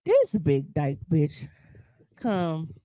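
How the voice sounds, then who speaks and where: A woman's voice: low-pitched, huge pitch swings, very slow, warm tone, dry recording. A woman co-hosting a podcast, telling a story in casual chat, blunt and profane, with frequent laughs. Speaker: podcast co-host.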